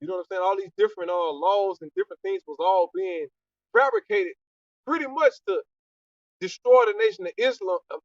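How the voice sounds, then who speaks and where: A man's voice: high voice, very animated, fairly quick, no room sound. A man in a scripture study group arguing his points with emphasis and answering his own rhetorical questions. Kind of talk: heated discussion. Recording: distant, dull lo-fi, dry.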